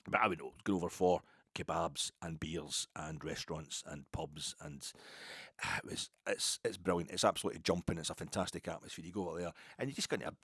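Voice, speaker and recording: A man's voice: sits low, steady tone, fairly quick, a bit bright, slightly rough, dry recording, studio quality. A middle-aged Glaswegian man chatting casually as a football podcast host, rambling and jokey with many asides. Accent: Glaswegian Scottish. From Scotland. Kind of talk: casual storytelling chat.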